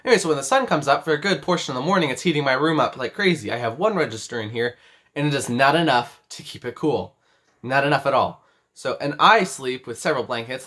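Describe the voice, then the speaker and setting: An eighteen-year-old man runs a live crochet stream from his bedroom, speaking in a mid-range voice with a fairly bright tone. He rambles, corrects himself, and reads chat messages out loud.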